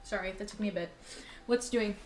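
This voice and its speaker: A woman's voice: mid-range voice, brisk, a little mellow, a little hiss or hum. A young woman streamer in casual chat with her viewers, giggly and emotional, talking straight to her chat.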